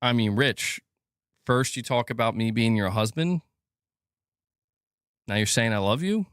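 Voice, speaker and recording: On a relaxed gaming news livestream, this host reads out donations and trades jokes and laughs with his chat. His mid-range voice is clean and fairly bright, and he takes his time, captured in a dry, clean studio recording.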